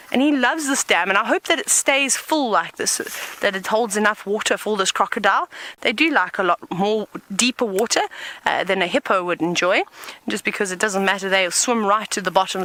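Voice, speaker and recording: A woman's voice: medium pitch, pushed and bright, poor audio. A woman, a safari guide talking viewers through a live walk outdoors, chatty and explaining as she goes, sometimes dropping to a whisper. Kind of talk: live nature broadcast on foot. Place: outdoors in the bush.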